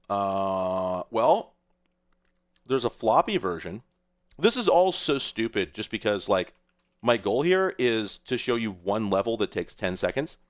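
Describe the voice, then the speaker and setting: A man streaming live, rambling and sarcastic, who swears and laughs at his own troubles. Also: medium pitch. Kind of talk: casual livestream commentary.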